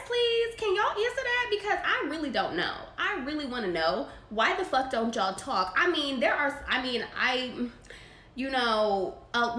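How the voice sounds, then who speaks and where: A woman's voice: fairly high pitch, a bit bright. A young woman hosting a live podcast Q&A, reading chat questions aloud and reacting in a brash, profane, laughing way. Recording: echoey room with faint ambient noise.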